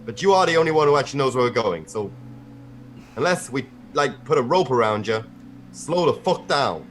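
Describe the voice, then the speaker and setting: A man's voice: mid-range voice, lively intonation, brisk, fairly bright tone, slight background noise. A man with an English accent, chatting and joking as a player in a tabletop game, swearing freely and restarting his sentences. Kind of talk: casual tabletop game chat.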